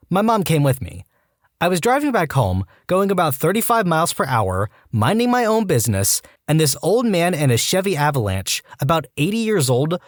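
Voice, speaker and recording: A man narrating reader-submitted stories as a podcast host, with animated storytelling and quick asides. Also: a little high, no room sound, studio quality.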